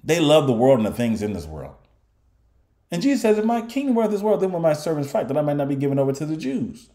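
A man preaching a sermon in an animated way, often mocking his opponents in put-on voices. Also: on the high side, quick pace.

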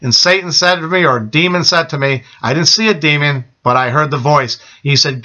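A man's voice: a little high, fairly quick, few pauses, sharp tone, rough recording. A middle-aged man telling an emphatic personal testimony, often repeating "okay?" and addressing listeners as his friends. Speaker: testimony speaker.

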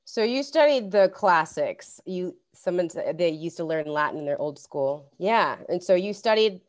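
A woman's voice: on the low side, animated, moderate pace. Encouraging woman moderating a class call. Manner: friendly, encouraging, relays students' questions. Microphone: video call.

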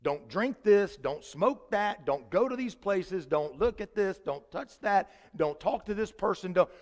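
Joking preacher in a reverberant church. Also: male voice, high-pitched. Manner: chatty and joking, with many restarts. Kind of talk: conversational sermon. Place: church sanctuary.

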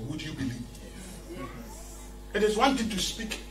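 A man's voice: high voice, expressive, fairly quick, long pauses, a bit bright. A man preaching a sermon in a church, emphatic and leading his congregation in call and response. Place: large church hall. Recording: echoey church hall from a distance.

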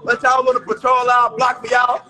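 Very high-voiced man with Chicago accent. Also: completely flat delivery, moderate pace, soft background music, poor audio. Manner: loud, shouting, profane street slang. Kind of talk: rowdy livestream banter.

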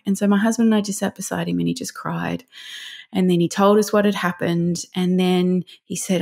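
A woman, a parenting counsellor speaking as a podcast guest, earnest and animated, often acting out what parents and children say. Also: fairly low pitch, fairly quick, gravelly. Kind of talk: casual interview chat.

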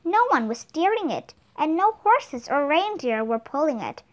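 A woman narrating a children's book read-aloud in an expressive, even-paced way. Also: sits high, normal speed. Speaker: storyteller.

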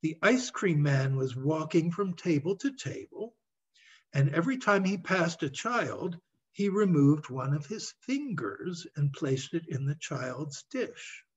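A man reading his own story aloud in a measured, expressive way. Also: on the high side, breathy edge, dull audio. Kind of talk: storybook read-aloud narration.

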